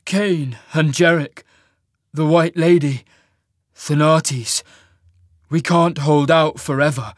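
A man voicing a grim young man with a raspy voice, in an audiobook. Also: on the high side, slow pace, pauses often, dry recording, clean studio sound, voice pushed up. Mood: cold.

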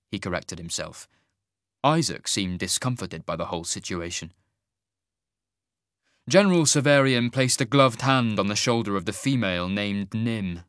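A man narrating a fantasy audiobook in a measured, even storytelling manner. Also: lowish voice, no echo, studio quality.

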